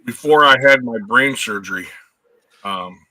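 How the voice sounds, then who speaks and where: A man telling a story in a casual chat, halting and restarting his words. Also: mid-range voice, lively intonation, pushed and bright, no echo, recorded from a distance.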